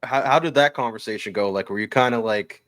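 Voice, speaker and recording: A man's voice: mid-range voice, brisk, a bit bright. A man hosts a casual hockey podcast in an ordinary mid-range voice. He asks his questions in a chatty, rambling way, stacking up fillers and restarts as he goes. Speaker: podcast host.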